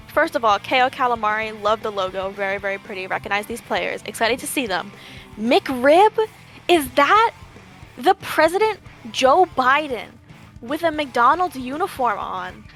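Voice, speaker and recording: A woman's voice: high-pitched, fairly bright tone. A young woman commentating a live esports tournament, joking in playful mock outrage and wandering off on tangents.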